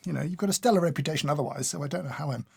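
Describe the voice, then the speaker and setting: Casting: man, fairly high voice, deadpan and opinionated food critic, dry close sound. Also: very fast, vocal fry, slightly rough, dry recording. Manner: dry, sarcastic, opinionated, scolds the products directly. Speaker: food taste tester. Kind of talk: casual taste-test commentary.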